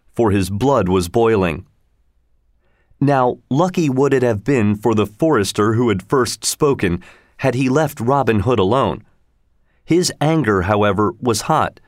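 A man reading a storybook aloud in a measured, even way. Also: on the low side, no room sound, studio quality. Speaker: narrator. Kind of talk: scripted storybook narration.

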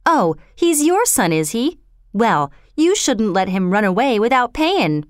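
A poor young flower girl with a thick Cockney accent, put on by a woman narrating a storybook, pitched high and swinging wide. She talks loud and aggrieved, clipping her word endings, in a crisp voice. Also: big pitch swings, a little slow, no echo, clean studio sound. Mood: indignant. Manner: loud, complaining, dropped g's.

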